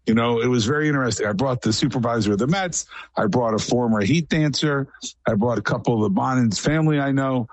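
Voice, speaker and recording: A man of middle pitch talks in a rambling, matter-of-fact way, one story running into the next. The sound is dry and close, with no room around it. It is a casual radio interview. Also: a little fast, no room sound. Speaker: guest.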